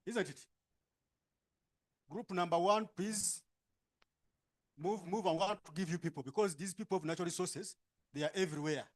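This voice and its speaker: A man with a Ugandan English accent, facilitating a workshop and sorting participants into groups with brisk instructions and frequent tag questions. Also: sits high.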